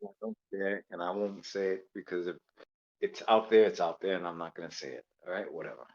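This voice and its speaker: A man from Louisiana calls in over a voice chat. He rambles and jokes, with plenty of "um"s. His voice is very low, and the call audio sounds a bit dull and muffled. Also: a little fast, darkish tone. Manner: rambling, joking, many fillers. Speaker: caller. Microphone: voice call microphone.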